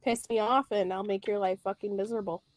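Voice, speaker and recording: A woman's voice: medium pitch, fairly even intonation, fast talker, rough recording. A woman co-hosting a casual podcast, blunt and joking with profanity. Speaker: podcast co-host.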